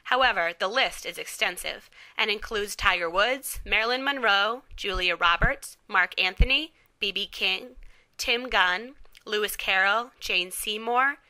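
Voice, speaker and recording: A woman reading a scripted informational narration in a clear, measured way. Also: medium pitch, sharp tone, low-quality recording.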